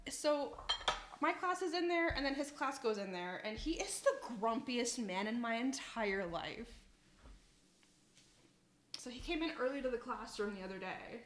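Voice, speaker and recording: Laughing, swearing young woman streamer. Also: fairly high pitch. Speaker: cooking streamer. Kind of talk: casual live-stream chat. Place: home kitchen.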